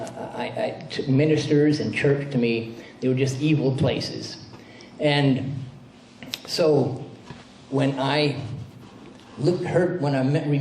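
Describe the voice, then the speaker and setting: A man's voice: medium pitch, gravelly, darkish tone. Male pastor telling a story in an echoey hall. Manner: conversational, with many restarts and acted quotes. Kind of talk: storytelling sermon. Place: spiritual center hall. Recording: roomy hall with faint noise.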